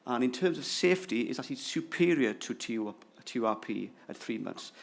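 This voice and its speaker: A man's voice: mid-range voice, expressive, moderate pace, gravelly. A man surgeon presenting evidence in a conference debate, hesitant and understated. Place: conference hall.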